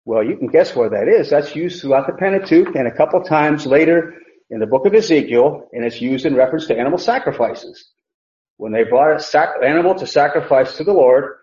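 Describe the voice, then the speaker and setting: A man's voice: fairly high pitch, darkish tone. A man teaching a verse-by-verse Bible lesson, emphatic, repeating key phrases and often restarting sentences. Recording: echoey room, dull lo-fi sound.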